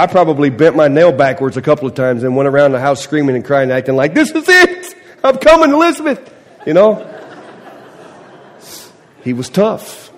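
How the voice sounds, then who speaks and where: A middle-aged man, a pastor, telling a story in a sermon with animated delivery, acting out voices, then easing into a soft, quiet prayer. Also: mid-range voice. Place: church sanctuary. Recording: long church reverb.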